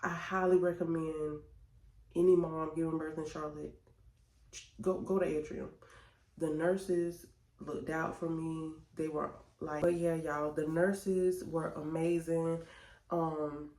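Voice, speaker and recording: A woman telling a chatty, animated story to her viewers. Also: deep voice, slow pace. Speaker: vlogger. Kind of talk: casual storytelling vlog. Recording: roomy echo.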